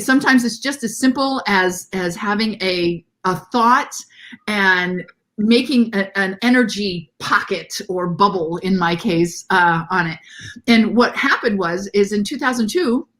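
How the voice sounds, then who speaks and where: A middle-aged woman, a guest in an interview, telling a story in a lively, animated way and acting out quoted voices. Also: mid-range voice. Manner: animated storyteller who acts out quotes in a lifted voice.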